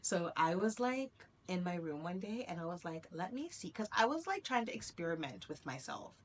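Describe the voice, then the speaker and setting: A young woman vlogger tells her viewers a rambling personal story, laughing in bursts and using many fillers. Her fairly low voice swings widely in pitch at a normal speed, and the room is echoey.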